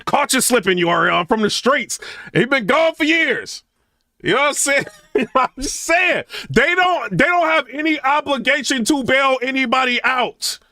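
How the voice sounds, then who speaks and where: Animated high-voiced man riffing in reaction commentary. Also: normal speed, no room sound, clean studio sound. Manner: animated, chatty, repeats "you know what I'm saying".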